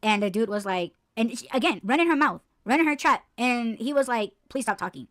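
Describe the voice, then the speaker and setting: Animated, swearing woman telling stories. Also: a little high, brisk. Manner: animated storytelling, heavy swearing and "like" fillers. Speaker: podcast co-host. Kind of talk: casual chat.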